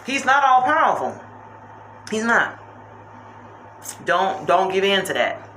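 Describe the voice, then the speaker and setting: A woman's voice: mid-range voice, big pitch swings, slow pace, fairly bright tone, a little hiss or hum. Earnest young woman rambling about faith. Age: young adult. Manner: rambling, earnest, repeats phrases, laughs. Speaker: faith vlogger. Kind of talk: casual faith talk. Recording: roomy with faint ambience.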